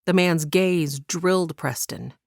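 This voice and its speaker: Female audiobook narrator, low register, dry studio read. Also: slow, vocal fry, no room sound. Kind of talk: scripted narration.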